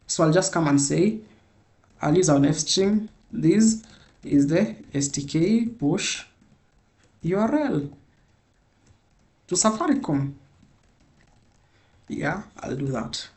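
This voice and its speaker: A man's voice: on the high side, expressive, takes it slowly, long pauses, darkish tone. A man teaching a live programming class, repeating points and checking in with "yeah?". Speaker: programming instructor.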